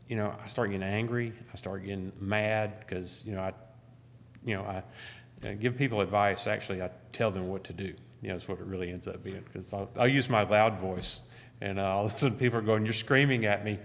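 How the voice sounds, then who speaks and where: A man's voice: lowish voice, steady tone, brisk, creaky, slight background noise. A middle-aged man giving a conversational sermon as guest speaker, full of "you know" and restarts. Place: church. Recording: long church hall reverb.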